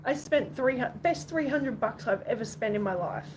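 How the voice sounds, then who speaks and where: A woman's voice: on the high side, lively intonation, moderate pace. A young Australian woman from Western Australia chatting casually on a livestream at home, rambling and swearing now and then, and talking to her cat. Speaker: livestream host. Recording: noisy background.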